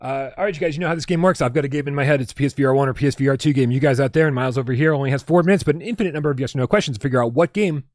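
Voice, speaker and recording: A man co-hosting a casual livestream chat, talking with excitable energy and swearing freely. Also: mid-range voice, racing, few pauses, no room sound, studio quality. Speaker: podcast co-host.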